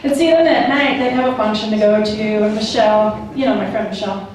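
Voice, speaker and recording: A woman stand-up comedian on a comedy club stage tells a casual, profane, slangy story, doing voices for the characters. Her voice is a little high and fast. She's recorded from far off in an echoey club, with the audience laughing.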